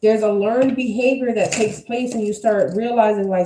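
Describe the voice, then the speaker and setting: Over a noisy background and in a room with noticeable echo, a woman delivers a casual tarot energy reading to her audience. She speaks in a mid-range voice at a moderate pace with few pauses, swearing freely and stating things bluntly and emphatically.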